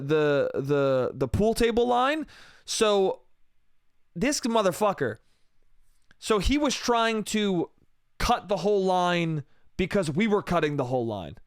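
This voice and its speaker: High-voiced guy ranting a comedy story, lots of swearing, super dry mic. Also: unhurried, clear, resonant tone, no room sound. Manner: heavily profane, animated and ranting. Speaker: podcast host.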